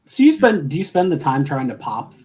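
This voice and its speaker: A man's voice: fairly high pitch, big pitch swings, darkish tone. A man co-hosting a podcast interview, eagerly jumping in with questions in casual chat. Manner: eager, quick to jump in. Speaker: co-host.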